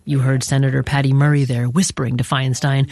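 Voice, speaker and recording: A woman hosting a radio program, narrating a scripted news segment in a measured, deliberate way. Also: extremely low pitch, level tone, warm tone. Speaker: radio host. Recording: music bed behind voice.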